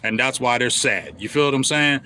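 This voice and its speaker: A man's voice: mid-range voice, brisk, bright, forceful tone, slight background noise. A man hosting a sports show, ranting as a frustrated fan and talking straight at the team's front office. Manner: heated, repetitive, talks straight at the team bosses. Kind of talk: fan commentary rant.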